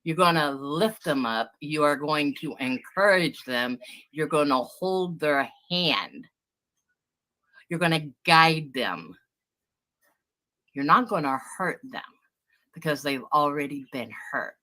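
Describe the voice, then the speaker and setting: A woman's voice: low voice, lively intonation, takes it slowly, long pauses, bright, forceful tone, poor audio. A woman ranting heatedly on a livestream, profane and confrontational, calling out someone who wronged her. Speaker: livestream guest venting about a former friend. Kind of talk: angry ranting livestream talk. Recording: livestream audio.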